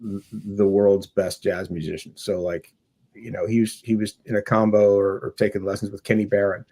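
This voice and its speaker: Low, husky-voiced middle-aged man. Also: moderate pace. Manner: relaxed, earnest storyteller. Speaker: music teacher, podcast co-host. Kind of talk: casual chat.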